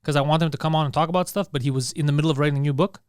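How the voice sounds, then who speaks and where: A man hosting a podcast in casual chat, with rapid, laughing banter. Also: on the high side, steady tone, smooth, no room sound, studio quality. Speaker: podcast host.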